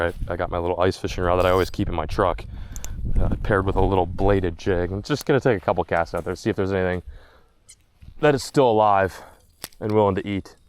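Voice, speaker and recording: A man's voice: sits low, a little hiss or hum. A man filming a casual fishing vlog outdoors by his backyard pond, talking to viewers and exclaiming when something surprises him. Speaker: fishing vlogger.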